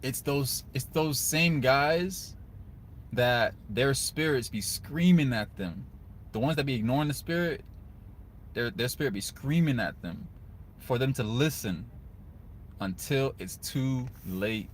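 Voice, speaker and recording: A young man, giving casual, earnest advice to other men, often turning to the listener with a quick "right?". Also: medium pitch, expressive, slight background noise. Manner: earnest, conversational, repeats "guys" and "right?". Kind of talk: casual motivational talk to camera.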